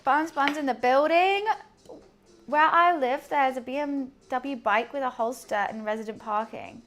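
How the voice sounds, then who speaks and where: A young woman streaming and chatting casually, telling a story with quick asides and frequent laughs. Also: high voice, fairly bright tone, soft background music. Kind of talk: casual chat to a stream audience.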